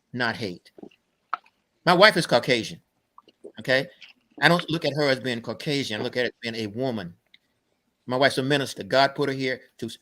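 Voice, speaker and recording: A man's voice: mid-range voice, bright, forceful tone. An older man being interviewed as a guest, telling personal stories in an earnest, emphatic, rambling way. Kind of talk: conversational storytelling.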